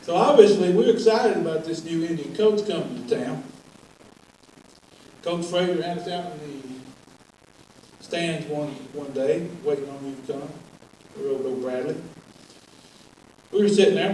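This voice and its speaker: Laughing through his punchlines, the older man keeps roasting his old coach with folksy, wry stories from his days as a player. His voice is fairly high and mellow, and the echoey hall, distant mic and slight background noise are all audible.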